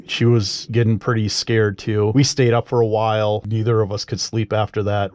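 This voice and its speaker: A man's voice: on the low side, background noise. Man rambling through a personal ghost story. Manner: rambling, conversational, many fillers.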